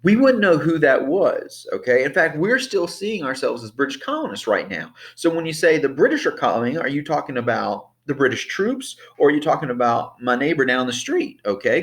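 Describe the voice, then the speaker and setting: Teaching a history lesson over slides, a man with a voice on the high side keeps things easygoing and conversational. He often checks in with the class by asking "okay?" and "all right?"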